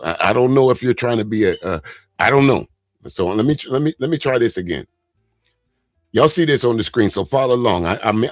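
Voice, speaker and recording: Low-voiced man, lively swings in tone, dry close sound, faint music behind, blunt profane live commentary. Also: no echo. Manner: blunt, profane, stammering restarts, reads comments aloud slowly. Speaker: host reacting to a speech and viewer comments.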